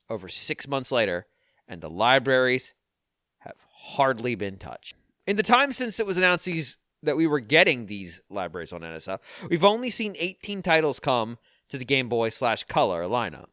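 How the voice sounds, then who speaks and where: A man's voice: mid-range voice, a bit bright, no room sound. A man hosting a podcast, chatting casually in a jokey, self-deprecating way with rambling asides, then reading a listener email aloud into a studio microphone. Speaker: podcast host.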